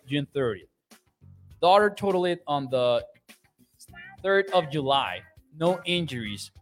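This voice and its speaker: Hosting a sports livestream, this young podcaster reads out viewer comments in a cheerful, talkative manner and laughs a lot. His voice sits at a medium pitch.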